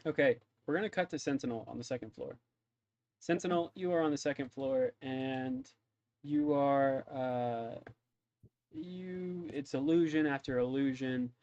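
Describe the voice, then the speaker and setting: A man's voice: mid-range voice, big pitch swings, measured pace, gravelly, darkish tone. A man running a tabletop game as game master, narrating casually with lots of ums and likes. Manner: casual, filler-heavy narration. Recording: dull dry lo-fi mic.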